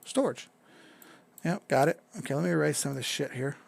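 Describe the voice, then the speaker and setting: A man's voice: a little high, fairly even intonation, fast, vocal fry, a little hiss or hum. A man hosting a crypto live stream, talking casually and rambling while he charts, swearing now and then and reading out chat. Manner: laid-back, rambling, swears casually, reads chat aloud.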